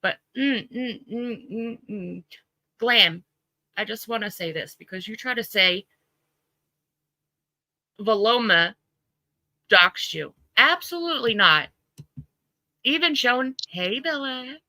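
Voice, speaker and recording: Woman, livestream host, casual chatter, greets viewers, crisp bright voice, dry sound. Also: a little high, expressive, slow pace, long pauses, no echo, low-quality recording. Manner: greets viewers by name between stories; chatty, laughs at own stories.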